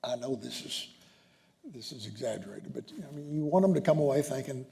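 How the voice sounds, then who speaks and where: A man, a senior judge, answering questions on stage at a dinner, talking in a halting way with many ums and restarts. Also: medium pitch, vocal fry, mellow. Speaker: chief justice being interviewed. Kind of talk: onstage conversation at a dinner event. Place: hotel banquet room.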